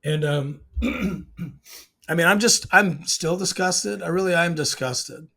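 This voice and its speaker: A man's voice: on the high side, measured pace, gravelly, bright, forceful tone. A man casually breaking down a TV scene, emotional and hesitant, restarting his sentences often. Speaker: show reviewer.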